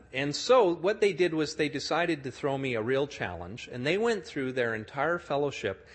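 A man's voice: on the high side, husky. A middle-aged man telling a story in a sermon, acting out the people he describes. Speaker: speaker telling a story to an audience.

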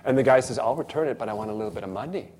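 A man's voice: medium pitch, very fast, a little mellow. A man delivers a sermon in a mid-range voice, weaving a personal story into his preaching. He acts out the voices in the dialogue with animation.

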